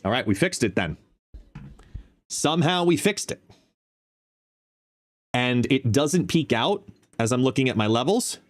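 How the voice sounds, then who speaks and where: A man live-streaming a card game from home, chatting casually and excitably, at times talking to his dog. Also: mid-range voice, a little slow, pauses often. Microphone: desk microphone with noise canceling.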